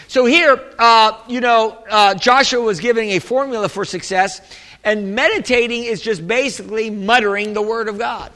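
A man's voice: high voice, moderate pace, bright, forceful tone. A male pastor preaching a sermon to a congregation in a church, talking conversationally with restarts and calling out for amens. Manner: call-and-response preaching, asking for amens. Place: church sanctuary. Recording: echoey hall with long reverb.

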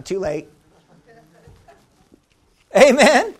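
A man with a strikingly high-pitched voice delivers a sermon. He preaches in a lively, joking way, laughing often and restarting his phrases. He keeps checking in with the congregation, asking "Amen?" and "Are you hearing what I'm saying?". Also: measured pace, pauses often.

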